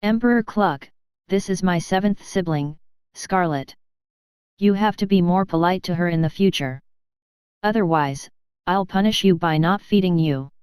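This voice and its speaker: Lady reading as a calm sure-of-himself young guy, low-ish voice, super clean and dry. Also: moderate pace, clean tone, dry recording, lightly acted. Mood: firm. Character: young man, calm, practical, confident.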